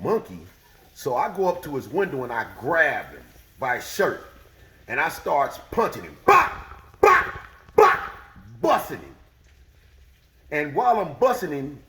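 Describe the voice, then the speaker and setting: A middle-aged man tells a story casually and with plenty of animation, his voice swooping between high and low as he acts out each person. His voice sits a little high, and the recording has a roomy echo. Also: a bit bright.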